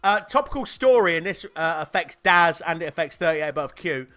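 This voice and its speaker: A man's voice: on the high side, animated, brisk, fairly bright tone. A man with a Northern Irish accent co-hosting a podcast, swearing and laughing through casual banter. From Northern Ireland. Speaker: podcast co-host.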